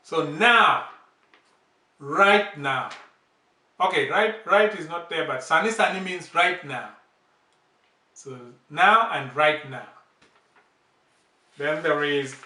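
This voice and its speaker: A man teaches a casual language lesson in a slow, deliberate way. He repeats each example word carefully, and his voice is bright and fairly high. He sits back from the mic in a roomy, echoey space. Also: lively intonation. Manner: slow, patient explanations with repeated example words. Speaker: language channel host. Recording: roomy echo, distant from the mic.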